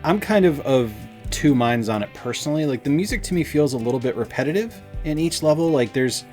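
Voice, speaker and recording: A man's voice: on the high side, lively intonation, a little fast, darkish tone, faint music behind. A man co-hosting a casual game review, talking with enthusiasm and lots of fillers. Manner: enthusiastic, rambling with many fillers.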